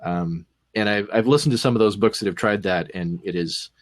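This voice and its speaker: A man with a Canadian accent talking casually on a podcast panel, rambling with many pauses and dry humor. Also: fairly low pitch. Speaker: podcast co-host.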